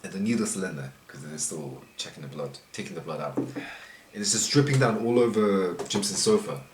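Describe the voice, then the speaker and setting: Deep-voiced man in an echoey room. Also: a little fast, darkish tone. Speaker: guest telling his own story. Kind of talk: casual storytelling chat. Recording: echoey room with faint noise.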